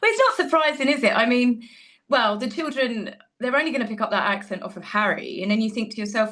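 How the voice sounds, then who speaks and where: A woman's voice: fairly high pitch, fast, fairly bright tone. A woman appearing as a guest commentator, who talks with skeptical sarcasm and acts out quotes. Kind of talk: opinionated commentary.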